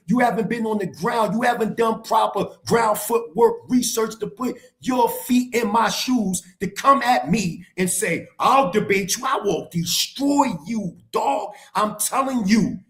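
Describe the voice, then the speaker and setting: A middle-aged man holds forth in a heated live-stream debate, with a notably high voice for a man. He lectures forcefully and drives each point home by repeating it. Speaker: guest speaker on a live stream.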